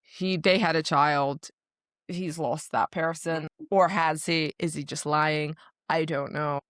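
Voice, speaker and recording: A woman co-hosting a podcast, chatting casually about a book and acting out the characters' lines in quick asides. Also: deep voice, fairly even intonation, a bit bright, no room sound, clean studio sound. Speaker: podcast co-host.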